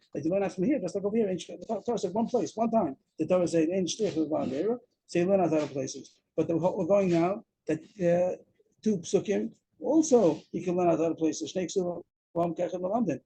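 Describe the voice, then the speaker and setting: A man's voice: high-pitched, fairly quick, dark tone, a little hiss or hum, low-quality recording. A man teaching a Talmud lesson over a video call, explaining step by step and repeating himself as he goes. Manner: explains step by step, repeats words, mixes Aramaic terms. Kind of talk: daf yomi Talmud lesson.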